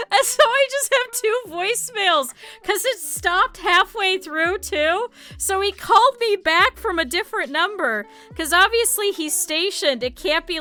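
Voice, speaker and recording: A woman's voice: high-pitched, sharp tone. A young adult woman from the American Midwest, streaming and chatting casually while crafting, telling rambling, laugh-filled stories full of swearing and fillers. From Cleveland area, United States. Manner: rambling anecdotal storytelling with lots of swearing and laughter; many fillers and restarts, voices others in her quotes.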